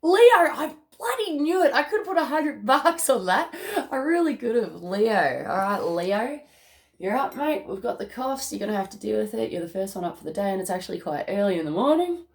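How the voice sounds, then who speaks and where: A woman's voice: mid-range voice, very animated, fairly quick, creaky. An Australian woman giving a tarot reading to camera in a rambling, upbeat way, often laughing and calling listeners mate. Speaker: tarot reader.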